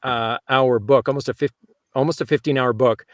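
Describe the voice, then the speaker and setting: A man's voice: medium pitch, steady tone, moderate pace, dry recording. Male host, mid voice, conversational and emphatic; dry close recording. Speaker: host and audiobook narrator. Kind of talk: casual panel chat.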